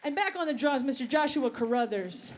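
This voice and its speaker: A woman's voice: sits high, lively intonation, a little fast, a little hiss or hum. A woman singer and bandleader talking to the crowd between songs, chatty and rambling, on an outdoor festival stage.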